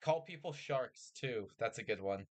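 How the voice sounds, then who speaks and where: A man's voice: mid-range voice, animated, moderate pace. A man hosting a gaming podcast in casual banter. He jokes around, swears freely and laughs a lot. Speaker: podcast host.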